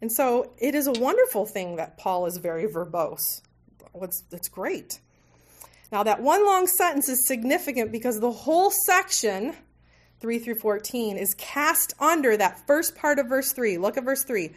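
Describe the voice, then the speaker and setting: A woman's voice: fairly high pitch, lively intonation, moderate pace. A woman teaching a women's Bible study group, conversational and lightly humorous, sometimes correcting herself mid-sentence. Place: meeting room with tables.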